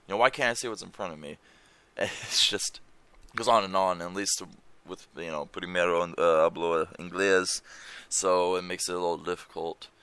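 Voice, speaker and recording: A man's voice: deep voice, steady tone, normal speed, pushed and bright, clean tone, no echo. A young man chatting casually at home while showing videos on screen, rambling and swearing offhandedly. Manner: rambling, swears casually, reads foreign lyrics aloud. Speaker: language-learning vlogger. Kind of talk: casual screen-share chat. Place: home room.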